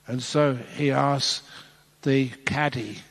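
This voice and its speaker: A male Buddhist monk giving a dharma talk, telling a playful story and chuckling at his own jokes. His voice sits at a middle pitch for a man, and it rings with a long reverb from a large hall. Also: fairly even intonation, takes it slowly.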